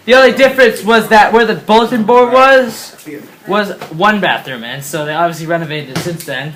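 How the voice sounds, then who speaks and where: A young man in his late teens telling a rambling, jokey tall tale in a camp cabin, full of fillers. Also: high voice. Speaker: storyteller. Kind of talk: rambling comic storytime. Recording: echoey room with background noise.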